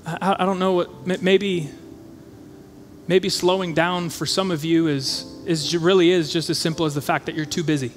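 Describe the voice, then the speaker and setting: A man with a high, light voice preaching in a conversational, animated way, slipping into quick acted-out asides. The sound carries the long reverb of a church hall, and soft music plays faintly behind him. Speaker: pastor. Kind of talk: sermon. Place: church auditorium.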